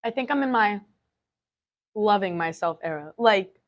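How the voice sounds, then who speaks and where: A woman's voice: mid-range voice, animated, moderate pace, highs cut off. A teenage girl, a student, chatting casually with her teacher, using "like" often. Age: teens. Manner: giggly, uses filler 'like' a lot. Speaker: student interviewer. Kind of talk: casual chat over wings.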